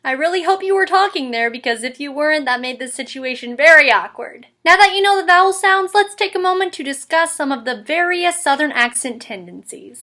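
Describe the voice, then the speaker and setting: A woman's voice: high voice, animated, fairly quick, hardly any pauses, pushed and bright. A woman hosting a scripted, tongue-in-cheek tutorial in a playful, upbeat way. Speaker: tutorial host.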